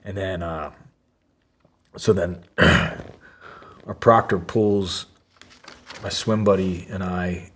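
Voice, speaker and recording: A man's voice: low-pitched, steady tone, extremely slow, pauses often, a bit bright. A man, a podcast guest, tells a story in loose, casual talk full of fillers and swearing. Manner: loose, profane, many fillers.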